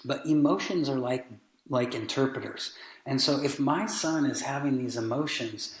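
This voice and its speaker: Speaking at a moderate pace in a mid-range voice, a man shares a family story with sincerity and a casual air. His retellings come alive as he performs the voices of those he quotes, all captured with a roomy echo.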